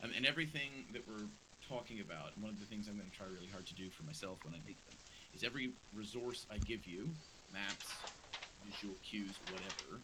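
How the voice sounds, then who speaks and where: A man acting as dungeon master, chatting quickly and teasing his players in a casual online game session. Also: lowish voice, lively intonation, background noise. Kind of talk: casual chat running a tabletop game.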